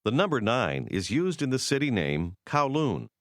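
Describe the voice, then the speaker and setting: A man narrating a scripted language course in a measured, explanatory way, close to the mic. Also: mid-range voice, sing-song, no echo.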